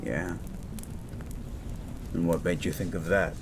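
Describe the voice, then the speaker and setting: A man playing a gruff but caring young medical student in a romantic audio roleplay, pleading and tender. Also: sits low, fairly even intonation, slow, background noise. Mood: tender worried.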